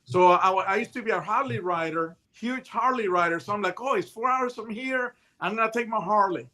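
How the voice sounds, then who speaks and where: Animated high-voiced man telling stories. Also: brisk. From United States. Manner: animated, full of restarts and voiced quotes. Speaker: guest, retired hostage negotiator. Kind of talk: casual storytelling.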